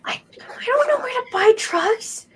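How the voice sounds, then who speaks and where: A woman voicing a secretive, jumpy young hooded boy who yell-whispers defensively. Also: extremely high pitch, animated, a little slow, very noisy, voice pushed up. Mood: wary.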